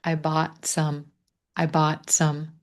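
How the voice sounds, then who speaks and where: A man with a Missouri accent teaching English pronunciation in a live online class, modeling phrases slowly for learners to repeat. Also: a little high, monotone. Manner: slow, drawn-out model phrases. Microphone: video call.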